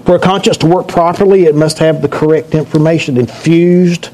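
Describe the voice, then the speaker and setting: A male pastor delivers a sermon in a church, his voice sitting a little higher than most men's. He keeps it conversational and joking, throwing questions out to the congregation and swinging between playful asides and serious points. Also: steady tone, a little fast, mellow.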